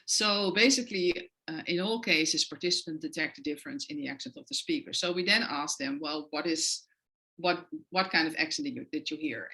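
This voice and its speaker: Her voice is low-pitched, bright and forceful, though the audio quality is poor. She's a guest lecturer with a non-native English accent, walking through her research in an academic talk and often hesitating with fillers.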